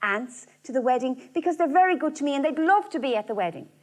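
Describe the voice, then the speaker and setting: A woman voicing a weepy young peasant girl, high, tearful and pleading. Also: expressive, fast talker. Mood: eager.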